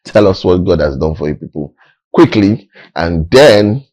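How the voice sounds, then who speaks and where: A Nigerian man hosts a TV show in a deep, husky voice. His tone is mellow and dry, and he jokes his way through casual banter with plenty of fillers. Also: expressive, unhurried, dry recording, low-quality recording. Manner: playful, joking banter with many fillers. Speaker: TV show host. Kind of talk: casual TV studio chat.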